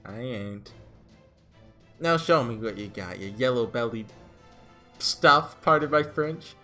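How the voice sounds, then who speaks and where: A man's voice: medium pitch, animated, slow, sharp tone, faint music behind. A man voicing a cocky young outlaw gunslinger in an exaggerated put-on Southern drawl, folksy and boastful. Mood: swaggering. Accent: put-on exaggerated American Southern. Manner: swaggering drawl, folksy slang.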